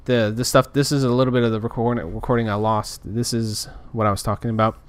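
A man's voice: medium pitch, little pitch movement, quick pace, smooth, dry recording. A man talking in a casual, rambling rant, frustrated and full of restarts. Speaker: podcaster. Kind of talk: casual ranting monologue.

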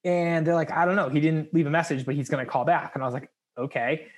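A young man in his twenties tells a story on a podcast, laughing often and acting out the other people's voices. His voice sits a bit higher than most men's, and his talk is loose and full of fillers. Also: fast. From United States. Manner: animated, laughing, acts out quoted voices. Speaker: podcast co-host. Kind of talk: casual storytelling chat.

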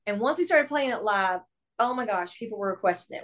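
A young adult woman, a country singer-songwriter, telling stories in a casual interview with animated, exclamatory delivery and acted-out dialogue. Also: medium pitch, fairly quick.

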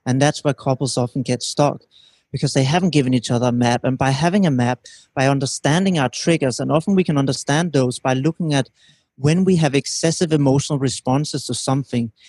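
A man giving a calm, teacherly explanation as a guest in an interview, often checking in with his listener. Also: mid-range voice, fairly quick, husky, no room sound. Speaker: relationship expert guest.

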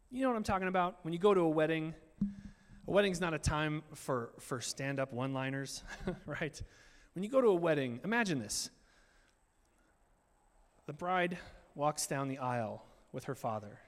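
A man delivers a sermon with a lively, swooping delivery that rises and falls a great deal. His voice sits a little high for a man. He talks conversationally, tossing asides to his congregation, and his words ring out in a reverberant hall. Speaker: pastor.

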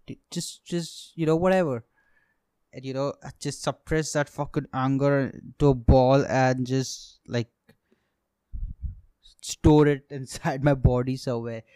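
A man's voice: medium pitch, clear, resonant tone, dry recording. A young man hosting a solo comedy podcast, telling a story in a profane, self-mocking way and acting out heated quotes. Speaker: podcast host, aspiring stand-up comic.

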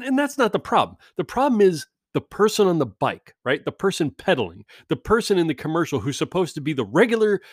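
A man's voice: high-pitched, no room sound, studio quality. A man in a casual rambling monologue, ranting and self-deprecating, swearing often.

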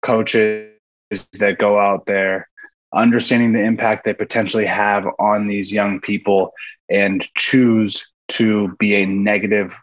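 Low-voiced young man telling stories. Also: level tone, unhurried, fairly bright tone, rough recording. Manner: rambling, with fillers and laughs. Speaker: podcast guest, former college football player. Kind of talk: casual storytelling chat.

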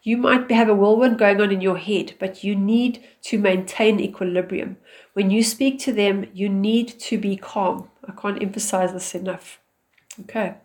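A woman and mother giving direct relationship advice in a calm, firm, instructive manner. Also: mid-range voice, normal speed.

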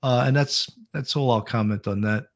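Steady-talking retired cop host. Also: male voice, mid-range voice, normal speed. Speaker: retired police officer co-hosting a live show. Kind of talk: casual livestream commentary.

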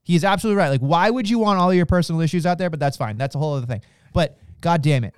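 A man co-hosting a podcast, talking in a loose, excitable way and swearing often. His voice sits fairly high and sounds smooth and crisp. The recording is dry, with no room sound. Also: fast, dry recording. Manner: excitable, swears freely, trails off and restarts. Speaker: podcast co-host. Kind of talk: casual wrestling chat.

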